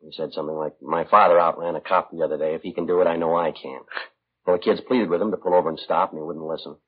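Friday, a terse detective. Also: male voice, deep voice, fairly even intonation, fast. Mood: flat. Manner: clipped, matter-of-fact delivery. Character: terse, steady adult police detective. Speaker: police detective. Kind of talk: 1950s radio drama acting. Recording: dull old radio broadcast.

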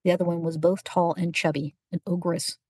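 A woman narrating a story in an even, unhurried storytelling manner. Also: fairly low pitch, husky, no echo, clean studio sound. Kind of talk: audiobook narration.

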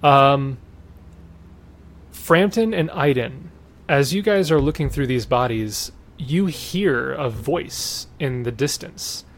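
A man narrating as game master in a casual, halting way, full of fillers and restarts. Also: mid-range voice.

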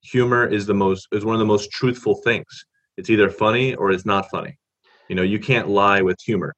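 Low-voiced man on a muffled line. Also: fairly quick. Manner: relaxed, drifts off on tangents, many "you know"s. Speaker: guest. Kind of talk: casual interview chat. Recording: muffled, lo-fi sound.

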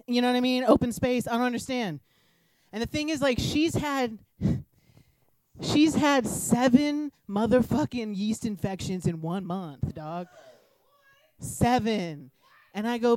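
A woman's voice: fairly high pitch, moderate pace, a little mellow, dry recording, rough recording. A young adult woman doing a stand-up comedy set in front of a live audience, talking in a brash, profane, rambling and conversational way.

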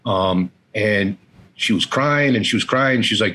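A middle-aged man as an interview guest, candidly telling a personal story in a halting way, often repeating words and quoting family members. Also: on the low side, sharp tone, poor audio.

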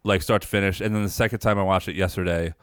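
Low-voiced man, casual podcast chat. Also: steady tone, fast talker, clean tone, no room sound, clean studio sound. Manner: rambling, swears a lot, many restarts. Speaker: podcast co-host.

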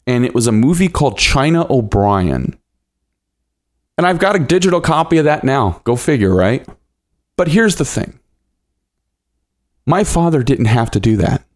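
A man in his thirties hosting a podcast, telling a personal story and acting out the voices of people in it. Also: medium pitch. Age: 30s. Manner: animated, acts out the voices of people in his stories. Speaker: podcast host.

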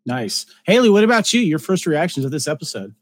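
A man's voice: fairly high pitch, very animated, a little fast, dry recording, clean studio sound. A man hosting a casual podcast discussion in an upbeat way, handing the turn to each guest. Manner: upbeat, leads the conversation. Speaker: podcast host.

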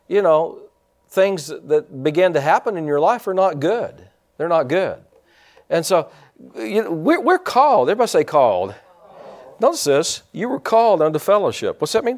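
Man, pastor, church sermon, somewhat high voice, lively pitch swings, folksy and rambling, asides to the congregation. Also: normal speed.

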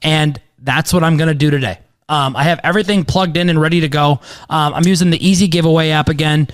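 A man in his thirties hosting a casual podcast, talking in a rambling, excitable way with lots of "um"s and casual swearing. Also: fairly high pitch, fast. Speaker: podcast host, sports bettor.

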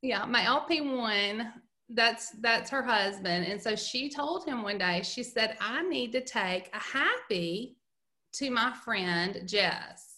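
A woman's voice: on the high side, expressive, takes it slowly, bright, forceful tone. A middle-aged woman with a Southern US accent, co-hosting a podcast and chatting casually, telling stories and laughing often. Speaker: podcast co-host. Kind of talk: casual chat.

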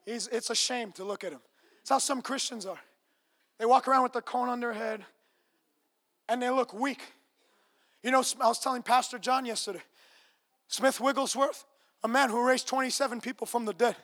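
A male preacher at a revival gathering, swinging from low, chatty asides to shouted, repeated declarations. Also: steady tone, moderate pace, long pauses. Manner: repeats phrases for emphasis. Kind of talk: revival sermon. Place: large outdoor crusade gathering.

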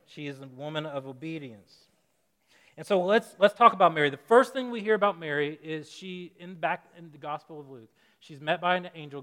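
Male pastor, conversational sermon, animated quoting, slightly high voice, echoing hall. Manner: conversational preaching, acts out quotes with rising emphasis. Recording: long hall reverb.

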